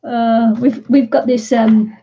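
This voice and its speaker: Slow, mellow British woman chatting. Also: a little high, little pitch movement, muffled recording, slight background noise. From Britain. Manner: chatty, rambling, laughs often. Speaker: craft vlogger. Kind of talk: casual chat while crafting.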